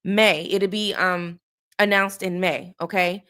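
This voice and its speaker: A woman hosting a relaxed live stream about a true crime case, talking straight to her viewers. She is chatty and loose, greeting people by name mid-sentence. She often tags her points with a quick "okay?" or "all right?". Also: lowish voice, smooth. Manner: conversational, checks in with frequent "okay?" tags. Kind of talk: casual live-stream commentary.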